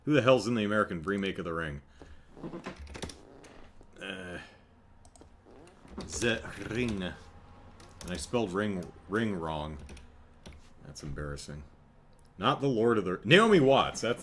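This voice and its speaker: Male podcast host, casual solo chat, rambling, self-correcting, lively pitch swings. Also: moderate pace, long pauses, a little hiss or hum.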